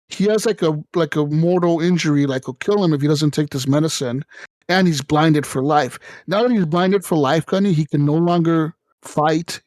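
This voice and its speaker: Profane, animated man telling game stories. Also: no echo. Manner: animated, profane storytelling with swings up in pitch. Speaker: podcast co-host. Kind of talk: casual gaming podcast chat.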